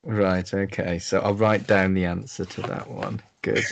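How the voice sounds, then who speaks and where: A man's voice: low voice, level tone, unhurried, vocal fry, slight background noise. Man, podcast guest, casual chat, sweary, flustered, laughs at himself. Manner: sweary, self-mocking, flustered.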